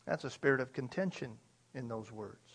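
A man's voice: medium pitch, lively intonation, normal speed, fairly bright tone, breathy edge. A man preaching a sermon with emphasis, posing rhetorical questions to his listeners. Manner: emphatic, uses rhetorical questions and acted quotes.

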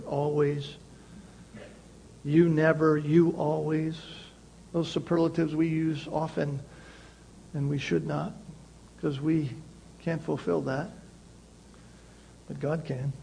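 A male pastor preaching a sermon, emphatic and repeating key phrases, with swings between loud passages and quiet ones. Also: fairly high pitch, flat delivery, takes it slowly, vocal fry, pauses often, husky, rough recording.

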